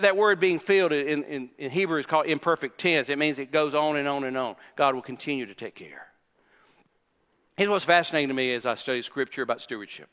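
Preaching in a church sanctuary, an older male pastor uses a bright, ringing, forceful tone set somewhat high for a man. He hammers home his sermon by repeating phrases and asking the congregation questions, and long church reverb lingers after every line.

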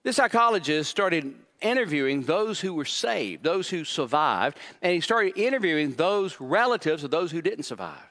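A male pastor preaching a sermon, emphatic and repeating key phrases, swinging from hushed to loud. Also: a little high, very animated, moderate pace, few pauses.

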